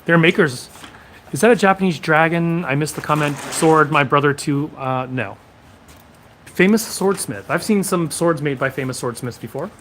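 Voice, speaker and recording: A man's voice: a little high, normal speed, fairly bright tone, a little hiss or hum. A man hosting a casual live stream from a sword shop, reading viewer comments and answering them one after another.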